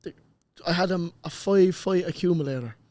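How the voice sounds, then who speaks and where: A young Irish man talks casually as a podcast guest. He is easygoing, laughs a lot and chimes in with quick agreement. His voice sits slightly high and the studio sound is very dry. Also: dark tone, no echo. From Ireland. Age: young adult. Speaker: guest boxer.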